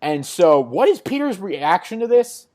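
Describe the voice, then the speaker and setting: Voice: medium pitch, very animated, unhurried, darkish tone. A podcast host recapping a comic book in a rambling way, full of fillers. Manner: rambling, many fillers and restarts.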